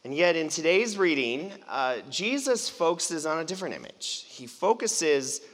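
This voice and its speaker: Man, pastor; sermon, chatty and playful; crisp bright tone; big echoing sanctuary. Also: a little high, big pitch swings, moderate pace. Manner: conversational, playful, engages the congregation. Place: church sanctuary. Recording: long church reverb.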